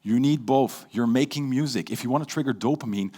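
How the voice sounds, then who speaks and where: Energetic Dutch-accented male speaker. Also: mid-range voice, brisk, hardly any pauses. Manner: energetic, playful, swings between loud and quiet delivery. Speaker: public speaking coach on stage. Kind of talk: live keynote talk with audience interaction.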